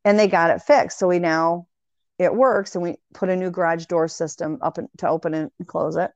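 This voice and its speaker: A woman in casual conversation, telling long animated anecdotes full of quoted dialogue. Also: lowish voice, moderate pace, no echo. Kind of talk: casual storytelling chat. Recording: dry, dull lo-fi sound.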